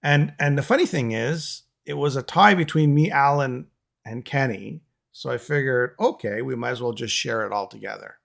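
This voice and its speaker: A man's voice: medium pitch, moderate pace, gravelly, fairly bright tone. A man co-hosting a casual panel chat, playful and chatty. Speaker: co-host.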